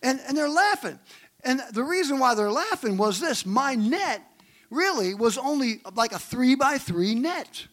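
A man's voice: very high-pitched, measured pace. A male pastor preaching a sermon, telling stories and asking the congregation questions. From Great Lakes region of the US. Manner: animated storytelling preacher, asks the congregation questions. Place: church.

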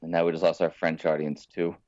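A Canadian man co-hosting a podcast, easygoing and quick to laugh. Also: very deep voice, little pitch movement, highs cut off, noisy background. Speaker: podcast co-host. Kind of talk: casual chat.

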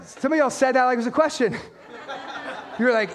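A man's voice: very high voice, fairly quick, some chatter behind. A man preaching a sermon as a pastor, talking straight to his congregation with emphatic points and playful jokes.

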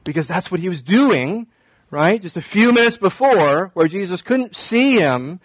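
A male pastor preaching a sermon, telling stories animatedly and acting out dialogue, then slowing to quiet emphatic lines. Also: high voice, lively intonation, no room sound, poor audio. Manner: drops to slow, quiet emphasis.

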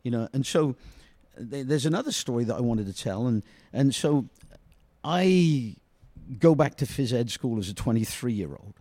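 A man's voice: mid-range voice, lively intonation, dark tone, no echo. A middle-aged man telling long anecdotes as an interview guest, padding his talk with "you know" at every turn. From Britain. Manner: rambling, fills every pause with "you know". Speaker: guest, former soccer player. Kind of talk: storytelling interview.

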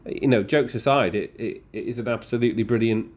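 A man's voice: medium pitch, fairly quick, a little mellow. Rambling man, casual podcast chat. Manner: rambling, many fillers and restarts. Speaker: podcast co-host.

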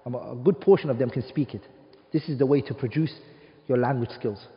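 A British man with a medium-pitched voice lectures an Arabic studies class fairly quickly, sprinkling Arabic terms into his English. He speaks emphatically and throws rhetorical questions at the room, and the classroom recording sounds dull and reverberant.

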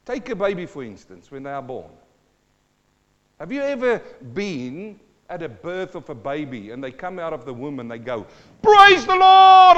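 A man's voice: on the high side, long reverb tail, lo-fi sound. A middle-aged man preaching a sermon to a congregation, dramatic, asking questions and acting out sounds and voices. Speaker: pastor.

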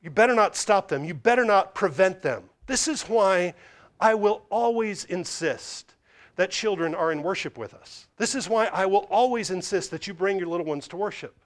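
A man preaching a sermon as a pastor, asking and answering his own questions and acting out the people he quotes. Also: moderate pace. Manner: animated, acts out the quoted voices with big pitch swings.

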